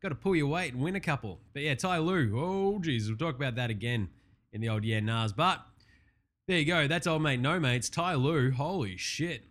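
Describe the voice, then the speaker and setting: A man hosting a casual sports recap, brash and profane with quick wisecracks. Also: mid-range voice, a bit bright. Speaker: podcast host.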